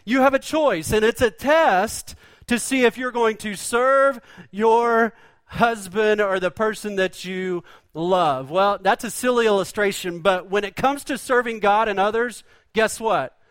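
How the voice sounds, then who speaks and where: A man's voice: high voice, a little slow, fairly bright tone, smooth, no room sound. A man preaching a sermon in a folksy, conversational way, full of rhetorical questions. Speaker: pastor.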